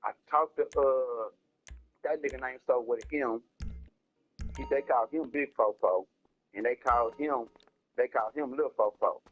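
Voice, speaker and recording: A man's voice: mid-range voice, moderate pace, pauses often, phone-quality sound, soft background music. A man casually telling a long rambling story, repeating himself and cursing, in slangy talk. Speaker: storyteller streaming a game.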